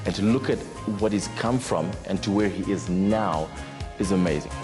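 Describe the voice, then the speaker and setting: A young South African man, a TV presenter, telling lively anecdotes about his interviews. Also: deep voice, normal speed, over music. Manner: lively storyteller, animated asides.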